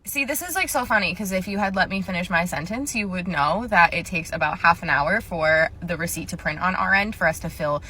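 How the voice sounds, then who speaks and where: A woman's voice: lowish voice, a little fast, few pauses, bright, forceful tone, slight background noise. Sarcastic woman telling comedy storytimes. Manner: sarcastic, exasperated. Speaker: comedy creator, former store cashier.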